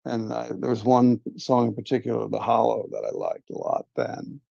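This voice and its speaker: A man with a deeply gravelly, fry-laden voice tells a story from his own life in a casual, confiding way. His tone is dark and mellow. The recording is dry and close, with dull lo-fi stream audio. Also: level tone, normal speed, no room sound. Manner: earnest, confiding, recounting a strange encounter. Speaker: livestream host. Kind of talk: casual first-person storytelling.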